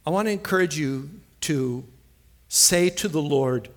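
A middle-aged man preaching a sermon in a church, emphatic and repetitive, swinging between soft asides and loud, stressed phrases. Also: on the high side, unhurried. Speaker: pastor. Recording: long hall reverb.

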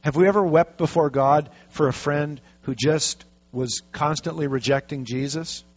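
A man preaching a sermon, telling a story with lively, animated delivery and acting out the quotes. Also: fairly high pitch, moderate pace. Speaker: pastor. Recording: dull lo-fi recording.

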